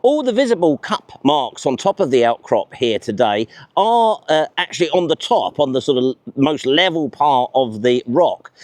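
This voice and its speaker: A man's voice: medium pitch, a little mellow, no echo. A man hosting a vlog outdoors in a park, chatty, enthusiastic and self-mocking as he presents to camera. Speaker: vlog host.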